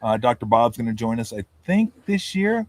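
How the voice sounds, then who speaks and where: A man's voice: mid-range voice, very animated, normal speed, a little mellow. A man hosting a sports podcast and chatting casually with friends, telling loose, profane stories and often laughing. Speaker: podcast host. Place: vacation house with friends in Tahoe.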